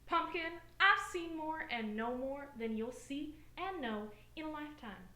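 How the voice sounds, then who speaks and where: A woman's voice: high voice, animated, measured pace, sharp tone, reverberant, exaggerated voice. A woman playing a brash, unrepentant female ex-con who showers everyone with flirty pet names in a comedy web drama. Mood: sassy. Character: brassy middle-aged female ex-con, sassy and unrepentant.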